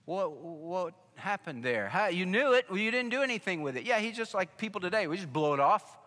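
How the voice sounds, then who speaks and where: A man's voice: high-pitched, very animated, brisk, pushed and bright. A man preaching a sermon as pastor, telling stories and urging listeners directly with emphatic warnings. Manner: emphatic, storytelling, direct address. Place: church sanctuary. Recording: echoey church hall.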